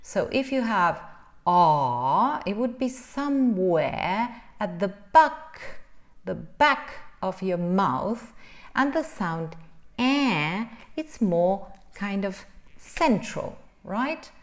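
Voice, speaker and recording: Lady teaching english sounds, super slow, voice goes way up and down. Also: mid-range voice, lively intonation. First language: Spanish. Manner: drawn-out sounds, frequent "right?" checks. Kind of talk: pronunciation lesson.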